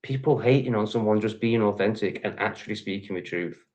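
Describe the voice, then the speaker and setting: A man's voice: on the low side, a little fast, a little mellow, lo-fi sound. A man from England with an English accent, ranting angrily and profanely on a livestream. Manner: profane, heated, repetitive ranting. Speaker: livestream host. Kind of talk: angry livestream rant.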